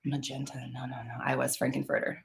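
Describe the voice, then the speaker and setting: A woman's voice: very deep voice, monotone, fast talker, creaky. A woman hosting a casual live stream, telling rambling, profane stories and laughing as she reads the chat. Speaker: podcast host answering live chat.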